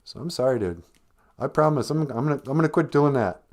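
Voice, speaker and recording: A man's voice: medium pitch, lively intonation, fast talker. A man hosting a comedic live-stream language lesson, teasing a pretend caller in a blunt, chatty way. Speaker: Ojibwe language teacher and host.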